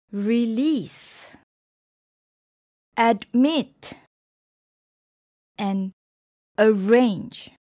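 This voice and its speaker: Very slow, deliberate woman teacher. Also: medium pitch, a little mellow, dry recording, studio quality. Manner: slow, deliberate, pausing between example words. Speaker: English pronunciation teacher. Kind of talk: scripted lecture narration.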